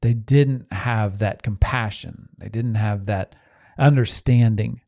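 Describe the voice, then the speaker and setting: Speaking at a slow pace, a man with a lowish, slightly mellow voice and some vocal fry hosts a motivational podcast as a self-help speaker. He's earnest, restarts often, makes asides to listeners, and at times acts out inner voices, with no room sound on the recording.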